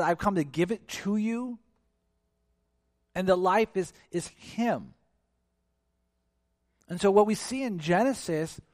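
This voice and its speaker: A man preaching a sermon in an animated way, acting out quoted voices with big swings in pitch and loudness. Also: no echo, clean studio sound. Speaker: pastor.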